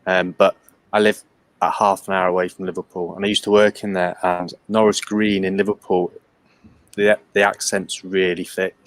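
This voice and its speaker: A man from England, raised in Germany, chats easily in a group call. His voice is low for a man. The sound is dry, with almost no room around it. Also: flat delivery, moderate pace, no echo. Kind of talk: casual group chat.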